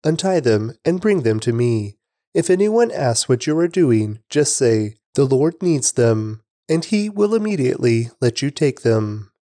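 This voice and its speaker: Jesus, a man reading calm and dark-toned. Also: mid-range voice, measured pace, no room sound, natural voice. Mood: earnest. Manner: even, earnest storybook reading. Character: Jesus, calm adult male teacher. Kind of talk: scripted scripture reading.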